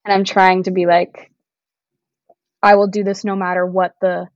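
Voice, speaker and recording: A woman's voice: mid-range voice, little pitch movement, normal speed, no echo, dull audio. A young woman guest on a podcast, chatting casually with lots of "like", sometimes getting emotional. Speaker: podcast guest, singer-songwriter. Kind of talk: casual interview chat.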